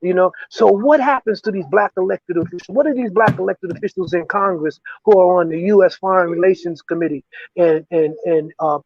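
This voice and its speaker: A man's voice: high-pitched, darkish tone, no room sound, highs cut off. An older man giving an interview as a guest, talking emphatically with frequent restarts and "you see?" tag questions. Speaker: guest, veteran activist. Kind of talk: political interview talk. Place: lives in Ghana, remote interview.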